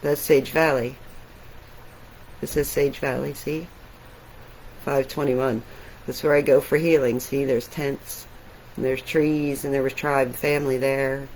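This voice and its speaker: A middle-aged woman, an artist, talking casually and reflectively while showing her sketches, with soft laughs now and then. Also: extremely low pitch, flat delivery, measured pace, pauses often, a little hiss or hum, poor audio.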